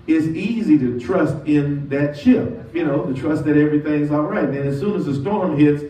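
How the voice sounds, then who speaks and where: A man's voice: a little high, mellow. A man preaching as pastor, leading call-and-response and stretching out key words. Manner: call-and-response preaching, slow drawn-out emphasis. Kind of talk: sermon. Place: church sanctuary. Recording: distant echoey church sound with dull lo-fi audio and faint noise.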